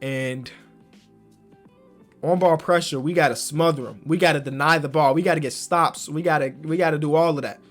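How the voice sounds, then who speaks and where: A young man giving slangy commentary on a basketball video game, swinging from low muttering to loud excited yelling. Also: normal speed, faint music behind. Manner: slangy, talks to himself about the game. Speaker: gaming YouTuber.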